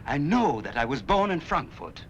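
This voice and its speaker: An actor in a 1950s TV drama playing a confused, haunted German man on a ship, speaking in an uneasy, halting way. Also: on the high side, sing-song, lo-fi sound, slight background noise. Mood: bewildered.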